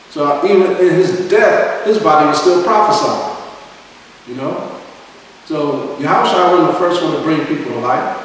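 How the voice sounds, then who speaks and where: A man leading a Bible study class, reading verses aloud and then retelling them in casual slang. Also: a little high. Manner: reads scripture aloud then paraphrases it in slang. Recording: far-off echoey hall with hiss.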